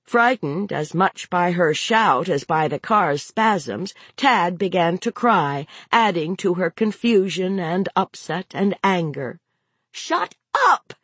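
A woman's voice: on the low side, takes it slowly, hardly any pauses, breathy edge, no room sound. A woman narrating a novel aloud in a dramatic, varied delivery. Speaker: audiobook narrator.

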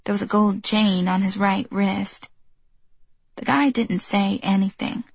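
A woman reading a novel aloud in even, measured audiobook narration. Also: medium pitch, gravelly, husky, no echo.

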